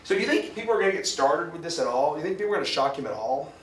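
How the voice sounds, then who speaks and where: A man's voice: fairly high pitch, animated, very fast, distant mic, a little hiss or hum. Chatty man lecturing in an echoey hall. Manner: chatty, jokey, asks the class questions. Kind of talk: classroom lecture with student discussion.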